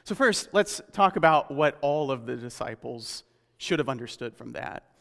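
A man preaching a sermon, reading scripture and explaining it in a measured, earnest way that slows on key phrases. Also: medium pitch, animated, vocal fry, a bit bright, long reverb tail.

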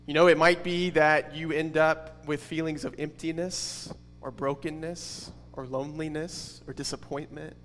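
A man's voice: on the high side, steady tone, normal speed, few pauses, fairly bright tone, in a large hall, slight background noise. A man teaching a Bible study in a conversational way, with casual fillers and rhetorical questions.

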